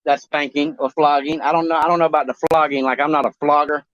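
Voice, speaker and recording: A man co-hosting a talk show in crude casual chat, rambling and halting, swearing often. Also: on the high side, flat delivery, a bit bright, no echo. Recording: dry, dull lo-fi sound.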